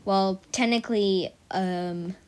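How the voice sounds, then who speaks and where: A woman's voice: medium pitch, fairly even intonation, takes it slowly, a little mellow, clear, resonant tone. A teenage girl rambling casually to her viewers in a silly, chatty vlog, full of "like" and tangents. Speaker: vlogger.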